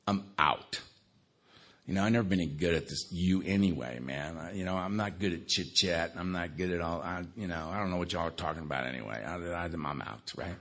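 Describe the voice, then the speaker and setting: Speaking to a live recovery audience, this Los Angeles man in his 60s shares his story in a chatty way, mixing in dark, wry humor and often asking "right?". His deep voice moves fast with few pauses, softening into a subdued tone for the heaviest memories.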